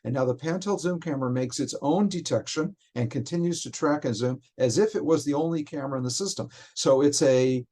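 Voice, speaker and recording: A man, a software developer, explains technical details in conversation, often stopping and restarting his phrases. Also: mid-range voice. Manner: halting, frequent restarts while explaining.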